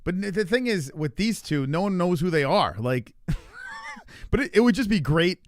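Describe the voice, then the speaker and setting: A man's voice: high-pitched, huge pitch swings, normal speed. A man hosting a livestream, chatting casually and profanely as he reacts to clips. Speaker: stream host.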